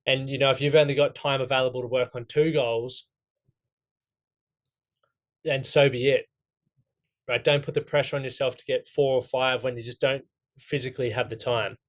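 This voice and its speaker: This Australian man leads a casual goal-setting workshop for men, talking bluntly and plainly with an occasional swear word. He speaks in a steady, mid-range voice at normal speed, pausing often and frequently asking "right?" to confirm the room is following.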